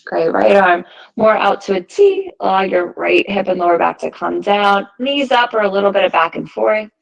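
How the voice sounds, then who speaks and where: Calm woman guiding a yoga class. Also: medium pitch, normal speed, gravelly, low-quality recording. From United States. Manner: calm, encouraging cues timed to the breath. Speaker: yoga teacher. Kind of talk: guided yoga class instruction.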